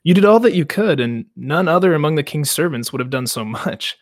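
A wise, calm elven queen speaking gently and consolingly, as a man puts her on in a raised voice. The sound is dry and close. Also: on the high side, a little fast, no room sound, voice pushed up. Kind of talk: casual paraphrase in a podcast.

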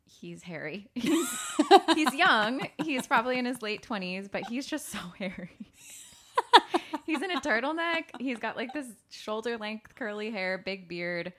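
A woman co-hosting a casual chat, retelling a film scene by scene with lively mock outrage and frequent laughter. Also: fairly high pitch, measured pace. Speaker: podcast co-host.

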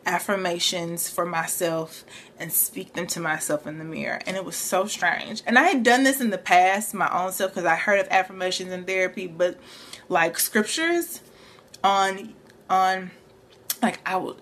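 A woman's voice: fairly low pitch, a little slow, a bit bright, a little hiss or hum. A young adult woman sharing a personal faith and therapy story in an earnest, reflective way, with many fillers. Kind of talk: personal testimony.

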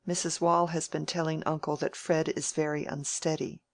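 Woman reader voicing a blunt, dry-witted young woman from a period storybook, in a low voice. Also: flat delivery, a little fast, dry recording. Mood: dry, frank. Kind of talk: audiobook character reading.

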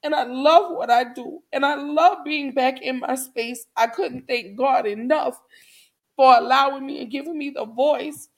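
A woman's voice: sits high, unhurried. A young adult woman hosting her podcast live, talking passionately and tearfully to viewers and repeating phrases for emphasis. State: tearful, emotional. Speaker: podcast host. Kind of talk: emotional livestream talk to viewers. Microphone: camera livestream.

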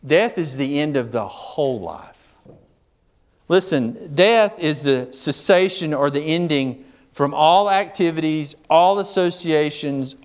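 A man's voice: on the high side, clean tone. Man preaching with a drawl. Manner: conversational, swings from quiet to emphatic. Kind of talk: sermon.

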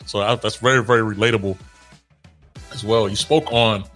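A man with a lower voice hosts an interview, circling his questions and repeating phrases before getting to the point. Faint music sits behind him. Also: fairly even intonation, normal speed, fairly bright tone. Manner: rambling, repeats himself, many fillers. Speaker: host.

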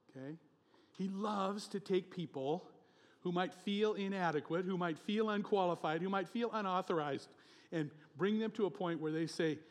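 A male pastor preaching a sermon with emphatic, animated delivery, often chuckling between points. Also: a little high, moderate pace, in a large hall.

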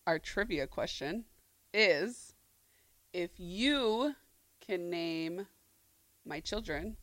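Playful, animated female radio co-host. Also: mid-range voice, no echo, poor audio. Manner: laughs often, playful and self-mocking. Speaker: mother. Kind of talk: casual radio banter.

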